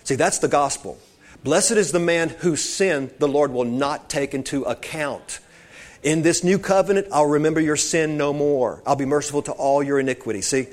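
A man's voice: a little high, normal speed. A man preaching an informal sermon, talking conversationally and wandering into asides, calling his listeners saints.

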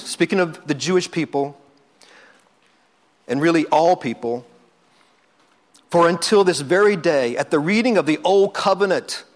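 Male pastor, fairly high voice, earnest sermon delivery that drops to soft, drawn-out lines. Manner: earnest, repeats words, swings from loud to soft and slow. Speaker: preacher.

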